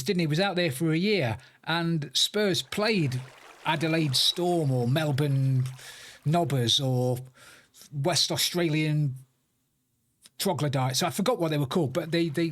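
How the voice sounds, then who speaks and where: A chatty man live-streaming a game, rambling along as he plays and greeting viewers by name. His voice sits a touch higher than most men's. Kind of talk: casual live-stream chat while playing.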